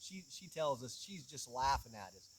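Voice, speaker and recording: A man hosting a casual chat outdoors, telling a funny story with lively energy. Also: medium pitch, normal speed, a little hiss or hum, rough recording. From southeastern Kentucky. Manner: animated, playful storyteller. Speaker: podcast host.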